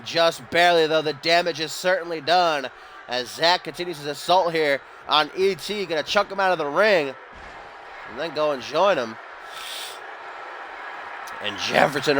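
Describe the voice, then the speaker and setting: A young man doing casual, excitable play-by-play commentary for a wrestling video game, shouting on the close calls. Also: fairly high pitch, a little hiss or hum. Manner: excitable, rises to near-shouting on near-falls; casual asides and swearing between calls.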